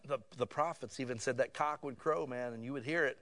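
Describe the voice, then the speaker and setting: A man preaching a sermon in a conversational, casual way that swells to loud emotional peaks. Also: medium pitch, fairly quick, hardly any pauses.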